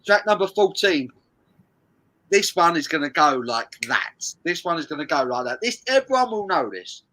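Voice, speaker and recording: Guy running a lyrics quiz on a live stream, lively up and down voice, bright and punchy, joking around. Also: on the high side, normal speed, low-quality recording. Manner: jokey, animated, reads out viewer comments. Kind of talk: casual live stream chat.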